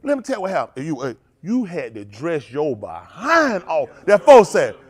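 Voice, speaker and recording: Animated preacher man with a high, swooping voice. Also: normal speed, breathy edge. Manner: animated, confrontational preaching with congregation call-outs. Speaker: pastor. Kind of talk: sermon.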